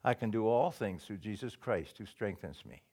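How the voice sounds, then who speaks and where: A man preaching a sermon in a slow, deliberate way, pausing often and clearing his throat now and then. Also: fairly low pitch, animated, mellow.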